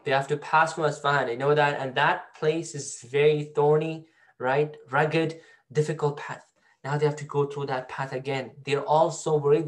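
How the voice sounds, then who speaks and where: A male teacher giving a storytelling Quran lesson to a class, often asking students questions. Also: a little high. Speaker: Islamic studies teacher.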